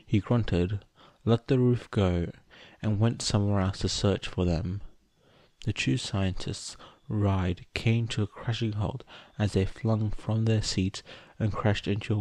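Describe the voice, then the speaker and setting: Slow, low-voiced man reading fiction. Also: dark tone, no room sound. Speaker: podfic reader. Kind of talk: scripted narration.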